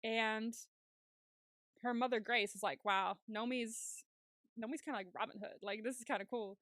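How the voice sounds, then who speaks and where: A woman's voice: a little high, normal speed, no echo, studio quality. Bubbly woman recapping a show. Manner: animated retelling with quoted character voices and frequent laughs. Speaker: podcast co-host. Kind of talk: casual TV recap chat.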